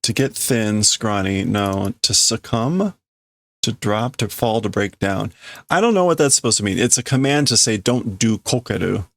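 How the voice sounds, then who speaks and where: Brief: unhurried male streamer, gravelly fry, dry close sound, mulls over words. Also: fairly low pitch, animated, fairly bright tone, dry recording. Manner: thinks aloud, deliberating over word meanings. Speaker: streamer reading manga aloud. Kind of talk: casual reading and translating aloud.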